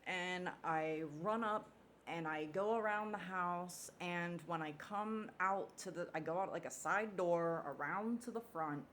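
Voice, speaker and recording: Woman, deep voice, rambling casual dream story, drops the odd swear word. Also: a little slow, a bit bright, a little hiss or hum.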